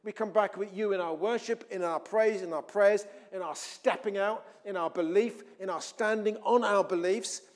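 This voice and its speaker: Animated preacher in a reverberant hall. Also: male voice, sits high, moderate pace, hardly any pauses. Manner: animated storytelling, acting out voices from scripture. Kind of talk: sermon.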